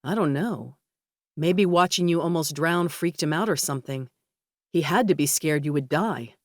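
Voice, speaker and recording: A woman voicing a kind, easygoing young man who speaks gently and reassuringly. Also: low voice, moderate pace, no room sound, clean studio sound, lightly acted. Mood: gentle.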